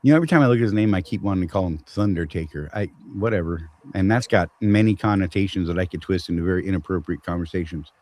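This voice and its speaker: A man's voice: sits low, fast, few pauses, darkish tone, no room sound, low-quality recording. A man with a Southern accent hosting a casual live chat, rambling and teasing with jokes. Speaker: show host.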